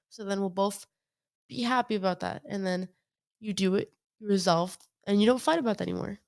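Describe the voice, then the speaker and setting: A young woman speaks as a guest in a casual conversation. She works through her ideas with hesitant ums and careful pauses, in a mid-range voice. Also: mid-range voice, vocal fry, a little mellow.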